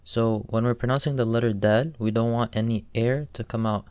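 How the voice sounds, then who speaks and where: A man teaching pronunciation slowly and carefully, repeating each sound to demonstrate it. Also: mid-range voice, steady tone, a little mellow, smooth, no echo. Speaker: recitation teacher. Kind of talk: instructional explanation.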